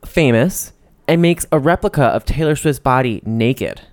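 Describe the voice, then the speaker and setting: A man talking in a loose, rambling way, getting heated and profane as he goes. His voice is smooth and even, at a middling pitch, recorded close and dry with no room sound. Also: normal speed, dry recording. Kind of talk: casual chat about celebrity gossip.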